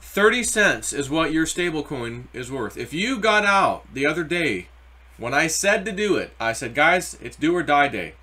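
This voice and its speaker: A man's voice: fairly high pitch, very animated, normal speed, pushed and bright. A middle-aged man giving casual, rambling crypto market commentary with anecdotes and spiritual asides. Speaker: crypto YouTuber.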